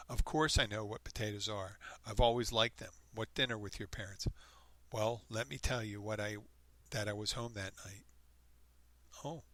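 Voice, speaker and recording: With a medium-pitched voice that's bright and clear, this man hosts a podcast alone and reads out a story, doing lively, mocking voices for quoted lines. The recording is close and dry, with no echo.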